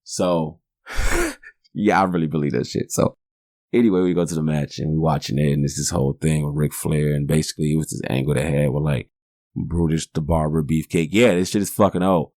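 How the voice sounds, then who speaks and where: A man's voice: a bass voice, fairly quick, darkish tone, no echo, clean studio sound. A man in his forties hosting a podcast, telling stories in a rambling, profane, joking way. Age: 40s. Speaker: podcast host. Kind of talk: casual storytelling monologue.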